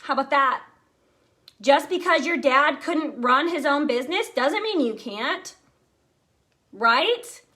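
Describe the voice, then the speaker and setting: Woman team director, high voice, lively and chatty, rallying her team. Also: slow, pauses often. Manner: energetic, chatty, addresses listeners directly. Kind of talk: motivational team talk.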